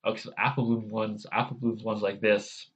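A man's voice: fairly low pitch, level tone, normal speed, lo-fi sound. A man chatting casually on a vlog, hesitant and self-deprecating, with many restarts. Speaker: vlogger.

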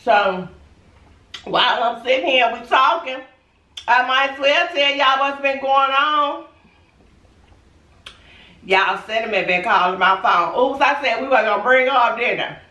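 Here the pregnant vlogger sounds high, animated, pushed and bright, taking her time with long pauses. She's sassy and chatty, speaking right to her audience during a food challenge. An echoey room and far-off mic color the recording.

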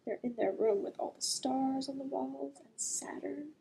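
A woman reading a picture book aloud to children as a librarian, gently asking the listener questions and drawing out the sound words. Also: high-pitched, normal speed, vocal fry, slight background noise, poor audio.

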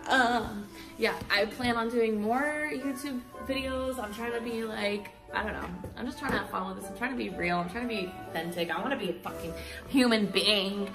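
A woman's voice: fairly high pitch, normal speed, roomy sound, music in the background. A woman in her thirties talking candidly to her channel's viewers, rambling and emotional, her voice sometimes dropping to a whisper. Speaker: YouTube vlogger. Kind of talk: candid confessional vlog.

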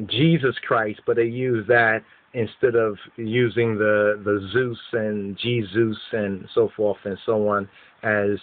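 Lecturing man, tinny phone-like sound. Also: medium pitch. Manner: repetitive, asks "you understand?" and "right?" often. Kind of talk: informal lecture.

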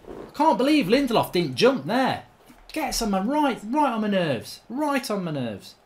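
A man giving live gameplay commentary as a channel host, ranting in exasperation with lots of swearing, swinging between low mutters and shouting. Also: wildly swooping pitch, measured pace.

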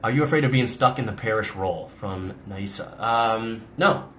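Speaking at a moderate pace, this young actor has a lowish, slightly bright voice, and there's a little hiss or hum. He hosts a casual live stream, answering viewer questions in a chatty ramble full of "like" and restarts.

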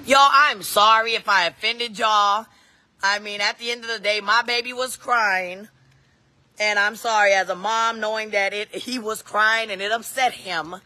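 A woman's voice: mid-range voice, steady tone, a little slow, sharp tone. A middle-aged woman, chatting casually to live-stream viewers and her kids outdoors on a phone. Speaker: vlogger and mom. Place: outdoors at a scenic waterfall spot.

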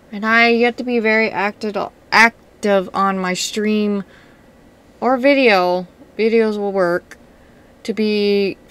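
Slow-talking woman chatting through her mail. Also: medium pitch, clean tone. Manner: rambling, chatty, easily distracted. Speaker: channel host reading viewer mail. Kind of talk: casual vlog chat.

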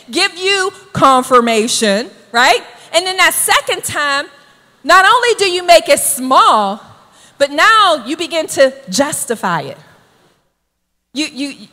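A woman preaching with a high, bright, piercing voice. She drives her points home with emphasis and keeps asking her listeners "right?" The sound carries a long hall reverb. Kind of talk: sermon.

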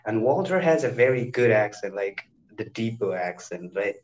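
A man's voice: lowish voice, moderate pace, rough recording. A young man from India with an Indian English accent, chatting eagerly on a video call as an English learner, often restarting his sentences. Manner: animated, eager, frequent restarts. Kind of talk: casual video-call conversation. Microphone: computer mic on a video call.

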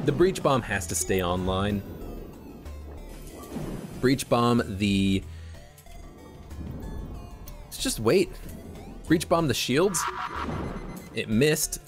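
A man giving casual let's play commentary, thinking aloud as he plays a strategy game at his desk mic. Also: mid-range voice. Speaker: gameplay commentator.

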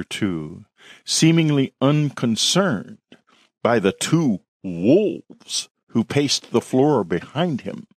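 Slow, measured male storyteller. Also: lowish voice, no room sound, clean studio sound. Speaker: author reading his own story. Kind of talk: scripted horror story narration.

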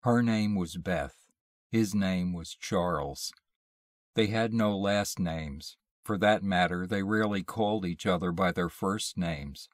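A man reading a short story aloud in a measured, deliberate storytelling manner. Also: deep voice, no room sound, clean studio sound. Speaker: audiobook reader.

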